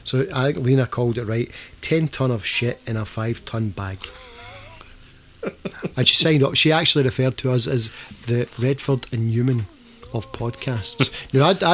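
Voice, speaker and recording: A man co-hosting a podcast, joking, swearing and laughing a lot in casual banter. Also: medium pitch. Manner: sweary, jokey, laughs often. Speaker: podcast co-host.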